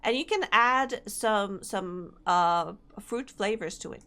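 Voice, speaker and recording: A woman's voice: mid-range voice, slow, bright, forceful tone. A young woman, chatting casually with her live-stream audience, giggly and chatty. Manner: giggly, chatty, reacting to chat.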